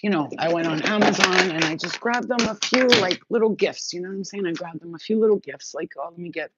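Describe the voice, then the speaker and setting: A woman's voice: on the low side, fairly quick, very noisy. A woman spiritual reader talking in a casual, emphatic, rambling monologue. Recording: dull, slightly muffled sound.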